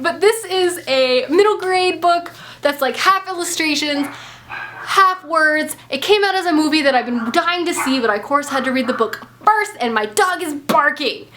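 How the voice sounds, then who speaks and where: A young woman gushes over a box of books at home, giggly and quick to trip over her words. Her voice sits high and swoops all over the place. A faint hiss hangs under the camera mic. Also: pushed and bright. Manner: gushing, breathless and giggly, stumbling over names. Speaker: book vlogger. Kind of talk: excited unboxing vlog. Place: home, indoors.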